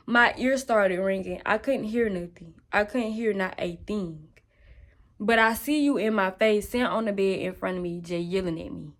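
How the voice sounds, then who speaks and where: Candid young woman telling her story. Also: a little high. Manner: candid, raw and emotional. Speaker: vlogger. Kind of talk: personal testimony storytelling.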